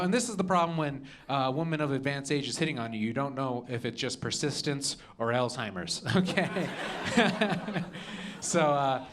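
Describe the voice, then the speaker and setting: A young man doing stand-up on a comedy club stage, punchy, with "okay?" after each joke. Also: mid-range voice. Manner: punchy, adds "okay?" and "all right?" after jokes.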